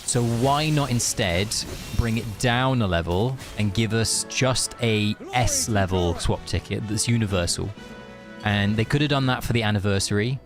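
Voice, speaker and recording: A man's voice: lowish voice, normal speed, music in the background. A young man streaming a game, chatting loosely with viewers and thinking aloud, with lots of fillers and restarts. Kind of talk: casual live-stream chat.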